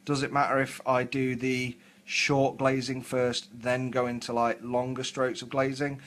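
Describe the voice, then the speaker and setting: A man's voice: medium pitch, little pitch movement, a little slow, fairly bright tone. A man from England with a southern English accent, chatting casually on a hobby live stream while painting miniatures at home, rambling and full of fillers.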